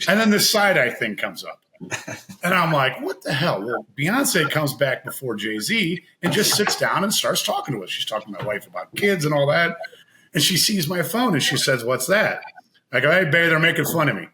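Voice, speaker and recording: A man telling a long personal story in casual chat as a podcast guest, animated and laughing, acting out what others said. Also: a little high, normal speed, background noise. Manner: animated, laughing, acts out quoted voices.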